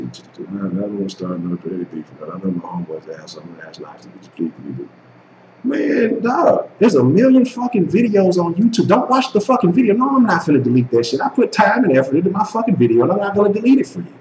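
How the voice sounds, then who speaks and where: A man's voice: mid-range voice, mellow, echoey room, a little hiss or hum, rough recording. A man hosting a sports channel live stream, ranting profanely and slangily at his chat. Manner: profane, heated, talks to chat; slangy, keeps saying dog.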